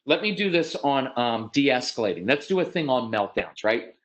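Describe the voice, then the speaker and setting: American man, middle-aged, parenting workshop speaker; direct, matter-of-fact, animated with acted voices. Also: medium pitch, rough recording. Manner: animated, acts out parents and kids in quick voices. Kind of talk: live parenting workshop talk.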